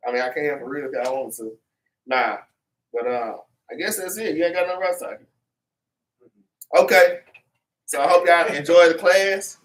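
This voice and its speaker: A man's voice: on the high side, fairly bright tone, recorded from a distance. A man teaching an informal Bible class, preachy and repetitive, tagging his lines with "man" and "okay".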